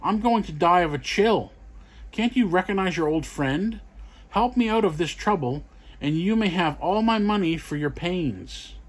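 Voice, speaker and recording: A man's voice: high voice, animated, measured pace. A man voicing a rich man turned into a talking carp, pleading in panic in a storybook reading. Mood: indignant.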